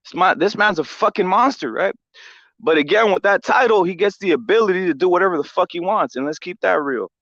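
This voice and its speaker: A man hosting a sports commentary show, talking in a loose, profane rant that repeats itself for emphasis. His voice sits a little high for a man. The recording sounds dull and dry. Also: fairly quick, no room sound. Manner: profane, animated, repetitive. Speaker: show host.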